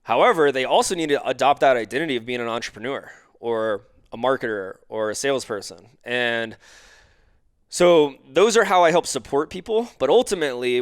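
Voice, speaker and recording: A man speaks as a guest life coach in a conversational interview. He works through examples and slips into short acted-out quotes from clients. His voice sits at a middle pitch, and the recording is dry and close. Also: no room sound. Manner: explains with examples and acts out quoted client dialogue.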